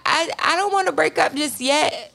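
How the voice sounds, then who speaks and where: A woman's voice: high voice, normal speed, creaky, pushed and bright, faint music behind. A woman co-hosting a podcast in casual chat, playful and laughing often. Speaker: podcast co-host.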